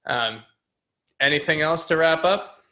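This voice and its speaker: Bright-voiced man hosting a podcast. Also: measured pace. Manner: rambling, laughing, acts out movie lines in a high voice. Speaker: podcast co-host. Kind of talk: casual chat.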